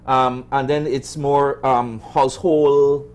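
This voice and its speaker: A man's voice: mid-range voice, flat delivery, slow pace, darkish tone. A Belizean man cooking on a TV show, chatting casually with many fillers and repeats. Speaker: cook.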